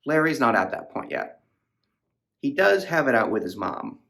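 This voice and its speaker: Reviewing a novel on his podcast, a man speaks at normal speed in a medium-pitched, sing-song voice that sounds creaky and a bit bright. His casual book talk rambles, full of profanity and fillers.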